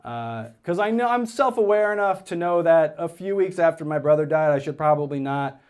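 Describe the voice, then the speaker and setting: A man doing stand-up comedy, telling a story on stage and dropping into flat, low-voiced quotes of other people. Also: a little fast, clean tone. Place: theater stage with a live audience.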